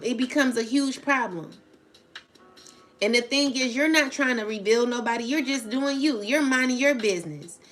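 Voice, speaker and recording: A tarot reader addresses her viewers in a laid-back spoken vlog, her delivery rambling, blunt and profane. She has a high-sitting, fairly bright voice.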